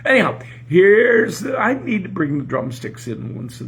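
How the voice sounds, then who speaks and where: Older pastor guy rambling on the porch, gravelly voice, chuckles a lot. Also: high voice, sing-song, unhurried, fairly bright tone. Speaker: pastor and podcast host. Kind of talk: casual morning chat and joke telling. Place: home porch.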